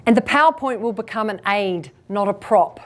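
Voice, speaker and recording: A woman public speaking coach giving a keynote speech to a live audience. She plays out quick asides and leans on deliberate pauses and shifts in pace. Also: medium pitch. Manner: lively, acts out listeners' inner thoughts in quick asides.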